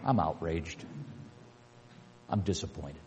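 An older man preaching a sermon with emphasis, repeating key words and building to forceful peaks. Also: rumbling low, takes it slowly, slight background noise. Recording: long hall reverb.

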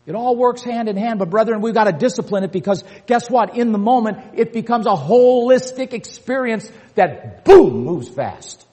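An older man preaching a sermon with emphasis, repeating key words and building to forceful peaks. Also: extremely high pitch, moderate pace, hardly any pauses. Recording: long hall reverb.

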